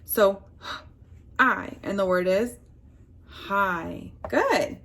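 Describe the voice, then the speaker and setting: A woman teaching a phonics lesson to young children, slowly sounding out words and prompting the class to answer. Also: mid-range voice, a bit bright.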